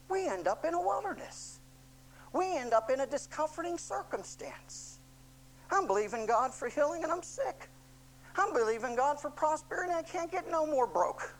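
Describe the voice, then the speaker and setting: Impassioned preacher swinging hushed to shouting. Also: medium pitch, a little hiss or hum, rough recording. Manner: emphatic repetition and rhetorical questions. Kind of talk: sermon.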